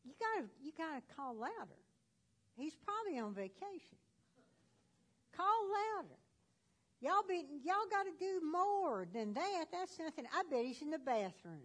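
A woman's voice: a little high, animated, unhurried. A woman telling a Bible story who voices a bold, confident male prophet in a plain storytelling voice. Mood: mocking.

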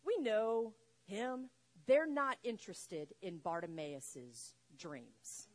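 A woman preaching a sermon, retelling a story with lively acted-out voices. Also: mid-range voice, takes it slowly. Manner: animated, acts out voices in the story. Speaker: pastor.

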